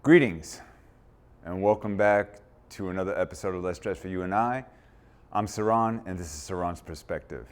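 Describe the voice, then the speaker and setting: A man hosting a talk show, giving reflective, halting commentary. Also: low-pitched, smooth. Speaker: host.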